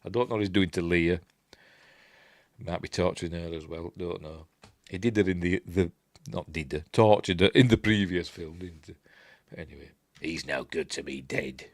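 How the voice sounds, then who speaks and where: A Yorkshire man with a very low voice gives a loose, rambling commentary on a film. He corrects himself, adds chuckling asides and takes his time. The sound is dry and close. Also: normal speed, long pauses, dry recording. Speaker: film reviewer, channel host.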